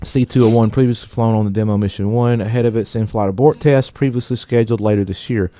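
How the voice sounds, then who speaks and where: Talking fast in a fairly low, steady, dark voice, a man co-hosts a radio tech show and reads news aloud. He regularly trips on words and jokes about it in casual banter, with no echo present.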